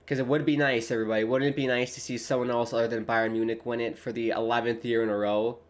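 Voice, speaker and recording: A man streams a football watchalong, calling the match in a loose, conversational way. His voice carries an early-morning roughness at an ordinary mid pitch. He jumps up in excitement on the attacking moves and turns to chat with his viewers in between. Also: fast talker. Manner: chatty, rises excitedly on play-by-play, talks to chat. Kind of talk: casual live match commentary.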